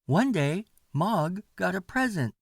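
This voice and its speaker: A man with a high, very lively voice reads a children's bedtime story slowly and expressively. His delivery is sing-song and unhurried. The sound is very dry and close. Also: vocal fry, no echo. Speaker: parent reading a bedtime story. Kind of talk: children's storybook read-aloud.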